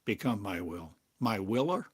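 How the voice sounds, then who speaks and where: An older man giving a slow, halting spiritual monologue as a teacher, speaking in drawn-out phrases with long pauses. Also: lowish voice, big pitch swings, breathy edge. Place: home in a small town, drinking coffee.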